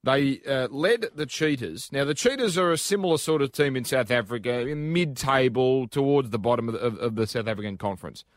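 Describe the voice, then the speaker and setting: A man's voice: mid-range voice, a little fast, hardly any pauses, no room sound. Australian man, radio sports host, casual joking chat, dry studio sound. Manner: relaxed, joking, links segments.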